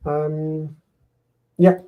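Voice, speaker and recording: A man teaching a live online grammar lesson, sounding out words slowly and explaining their forms. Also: a little high, level tone, narrow, tinny audio. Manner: explains, repeats words slowly, reads out comments.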